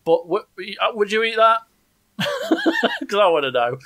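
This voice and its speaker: A man's voice: high-pitched, animated, moderate pace, pushed and bright. A man co-hosting a casual podcast who teases his partner and laughs often. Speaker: podcast co-host.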